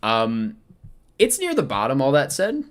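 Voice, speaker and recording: Young male film vlogger, mid-pitched, casual and rambling, keeps second-guessing himself. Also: huge pitch swings, unhurried, smooth. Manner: rambling, self-questioning, frequent ums. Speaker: film vlogger ranking movies. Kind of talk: casual chat.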